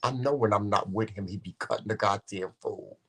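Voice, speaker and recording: A man co-hosting a casual comedic chat, telling stories in a sassy, profane, animated way. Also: on the low side, a little fast. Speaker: co-host.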